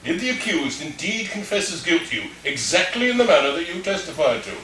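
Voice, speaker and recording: Actor as a formal, stern judge, slightly high voice; distant echoey read. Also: male voice, very animated, sharp tone. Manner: formal, measured questioning. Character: stern male judge passing sentence. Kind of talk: table-read drama. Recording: echoey room, mic far off, faint noise.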